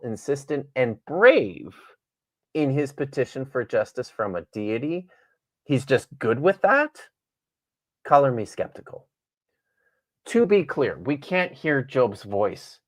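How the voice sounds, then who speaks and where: Wry, thoughtful male scholar. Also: medium pitch. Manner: thoughtful, wry, with frequent restarts. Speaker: guest author and Bible scholar. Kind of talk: podcast conversation, reading from his own book.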